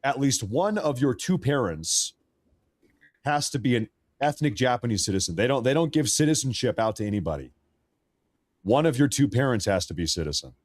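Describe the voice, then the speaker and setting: A man's voice: medium pitch, sing-song, a little fast, no room sound. An American man hosting a livestream, giving casual news commentary in a blunt, crude, joking way. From United States. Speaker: livestream host.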